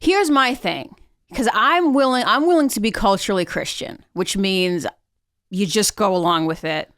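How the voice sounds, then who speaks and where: Playful lady cohost chatting on a podcast, average pitch, dead dry mic. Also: moderate pace, fairly bright tone, no room sound. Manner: playful, laughs easily, leads the topic. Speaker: podcast co-host. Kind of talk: casual conversational podcast.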